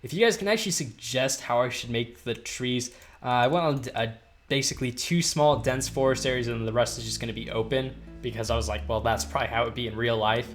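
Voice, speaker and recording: A man's voice: medium pitch, fast talker, soft background music. A young man giving casual, rambling commentary while playing a game, chatty and gushing over what he sees. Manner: rambling, chatty, gushes over cute dinosaurs. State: hiccuping. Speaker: gaming YouTuber.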